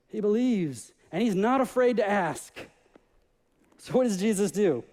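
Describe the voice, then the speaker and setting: Male pastor, high voice, animated sermon delivery, long church reverb. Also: a little slow. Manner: animated preaching, acting out voices in the story. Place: church sanctuary.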